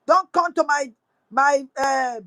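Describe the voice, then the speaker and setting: A woman's voice: high-pitched, takes it slowly, a bit bright, no room sound, poor audio. A woman with a Nigerian accent mixing in pidgin, angrily accusing someone in a live audio room. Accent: Nigerian English with pidgin. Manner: angry, accusing, repetitive. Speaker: speaker on a live audio space.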